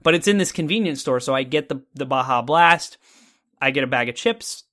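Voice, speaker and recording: A man's voice: mid-range voice, expressive, fairly quick, a bit bright. A man from Texas co-hosting a casual talk show, telling a story animatedly and acting out his own reactions. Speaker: podcast co-host.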